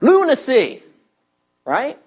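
Emphatic preacher working through scripture. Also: male voice, very high-pitched, huge pitch swings, slow pace, darkish tone, breathy edge. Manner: emphatic, rhetorical questions to the congregation. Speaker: pastor. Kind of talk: sermon.

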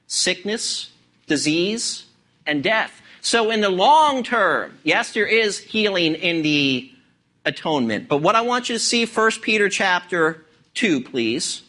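A man's voice: sits high, big pitch swings, slow pace, sharp tone. A male pastor preaching an expository sermon, asking rhetorical questions and stressing key words.

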